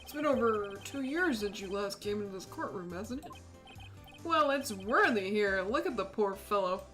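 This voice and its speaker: A woman's voice: mid-range voice, lively intonation, normal speed, a bit bright, faint music behind, natural voice. Woman putting on a jovial male police chief. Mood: genial.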